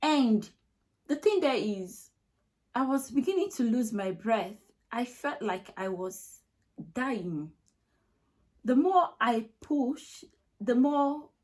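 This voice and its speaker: Young woman, Nigerian accent, vlog storytelling, emotional, repeats herself, fairly high voice. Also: expressive, slow pace, long pauses, darkish tone. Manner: emotional, repetitive retelling with many "like" fillers. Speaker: vlogger. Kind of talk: personal storytelling to camera.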